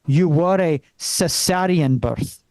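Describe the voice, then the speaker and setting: A man's voice: a little high, takes it slowly, darkish tone, no room sound. A man imitating his middle-aged mother in a stand-up bit. She sounds blunt and matter-of-fact.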